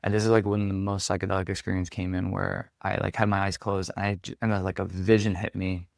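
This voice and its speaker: A man with a fairly low, gravelly voice talks as a podcast guest, recounting his experience in a reflective, candid way. His speech is loose and filled with casual fillers. The sound is dry and close, with no room echo. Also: level tone, fast talker. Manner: reflective, heavy use of filler words. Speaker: podcast guest, performance coach. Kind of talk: candid conversational storytelling.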